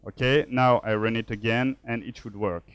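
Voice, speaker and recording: A man's voice: medium pitch, fairly even intonation, clear, resonant tone, no echo. A man from Switzerland gives a conference talk with live coding. He thinks aloud while typing and jokes about himself along the way. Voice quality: measured, self-deprecating. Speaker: conference speaker. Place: conference hall.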